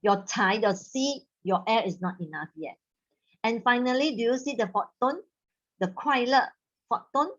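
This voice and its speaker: A woman's voice: fairly high pitch, lively intonation. Woman teaching over dull audio. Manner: instructive, mixes in Malay words, models tones slowly. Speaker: Mandarin teacher. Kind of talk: online class teaching.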